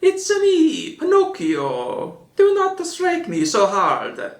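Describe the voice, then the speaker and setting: A man voicing a tiny wooden puppet boy in a thin, squeaky, put-on Italian accent, in an echoey room. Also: huge pitch swings, slow, heavily acted. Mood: pleading. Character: tiny high-voiced male wooden puppet.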